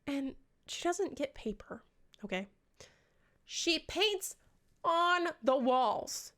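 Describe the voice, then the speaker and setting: A woman's voice: high-pitched, lively intonation, slow, pauses often, fairly bright tone. A young woman recapping a book in casual chat, sarcastic and swearing often, playing out the characters' lines herself. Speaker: book reviewer.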